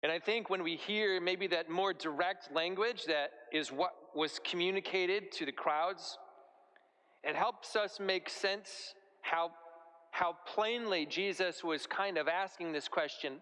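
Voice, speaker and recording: A male priest giving a homily in a relaxed, conversational way, using everyday comparisons. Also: high voice, unhurried. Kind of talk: sermon. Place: church. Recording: echoey church hall.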